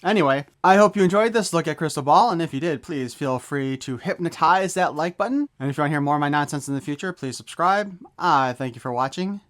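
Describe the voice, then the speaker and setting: Joking, slightly high-voiced man reviewing toys. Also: brisk, hardly any pauses, fairly bright tone. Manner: joking, rambling, offhand swearing. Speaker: toy reviewer. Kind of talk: casual unboxing review.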